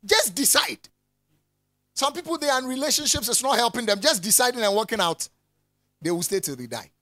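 A man preaching a lively sermon, swinging from loud calls to soft asides and laughing often. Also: extremely high pitch, quick pace, dry recording.

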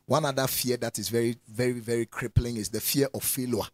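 A man preaching a lively sermon, swinging from loud calls to soft asides and laughing often. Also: mid-range voice, quick pace, hardly any pauses, no echo.

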